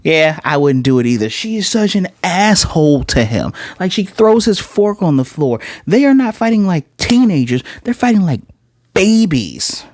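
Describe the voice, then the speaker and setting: A man's voice: sits high, big pitch swings, normal speed, hardly any pauses, a little mellow, no echo, clean studio sound. A man with a Midwestern accent giving a casual spoken TV review, blunt and rambling, full of asides and self-corrections.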